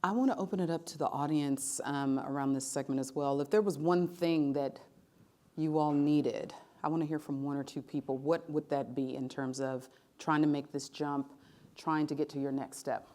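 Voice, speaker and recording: A woman's voice: low voice, steady tone, normal speed, dark tone. A woman moderating a career panel, with frequent encouraging affirmations as she invites the audience to speak.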